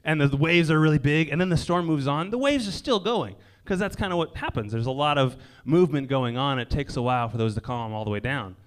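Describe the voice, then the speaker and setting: A man giving a casual sermon in a conversational way, often checking in with "right?" and dropping his voice low and quiet for emphasis. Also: brisk, few pauses. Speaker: preacher. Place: indoor gathering near a lake.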